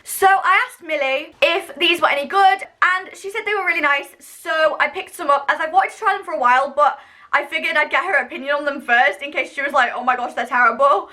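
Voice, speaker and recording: A woman's voice: high-pitched, fairly quick, bright, forceful tone. A young woman from the UK chatting casually and enthusiastically while reviewing snacks in a vlog, with lots of fillers. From United Kingdom. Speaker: vlogger.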